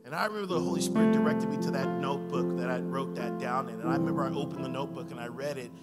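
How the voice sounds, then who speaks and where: Male pastor preaching, goes quiet then loud, long hall reverb, guitar going loud behind him. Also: medium pitch, rapid-fire. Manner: swings from hushed to loud and excited. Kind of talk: sermon with personal story. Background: loud guitar playing.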